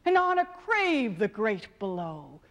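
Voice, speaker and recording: A woman storyteller voicing a stern old father god, speaking gravely and dropping her voice low. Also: big pitch swings, big-room sound. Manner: grave, slow, lowering voice.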